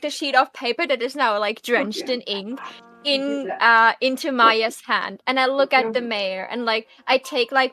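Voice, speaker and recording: A woman's voice: high-pitched, pushed and bright. A woman playing a tabletop game, chattily describing her character's actions with many fillers. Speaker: player. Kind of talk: tabletop role-play.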